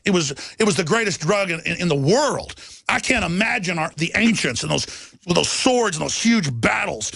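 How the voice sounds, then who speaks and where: Gravelly excitable male radio host. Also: high voice, normal speed, no echo. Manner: excitable, bursts into shouts, then sheepish. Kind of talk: rambling on-air storytelling.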